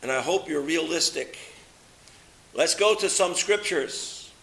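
A man preaching a sermon with a high, bright voice. He sways between loud, lifted exclamations and low, hushed statements, pressing each point hard. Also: measured pace.

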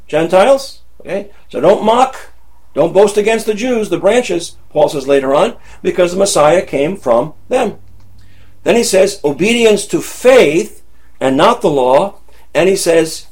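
A man with a somewhat high voice teaches from the Bible, moving verse by verse through the passage. He keeps pausing to check in with "right?" and "okay?", and he asks his listeners questions along the way. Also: expressive, a little mellow, breathy edge.

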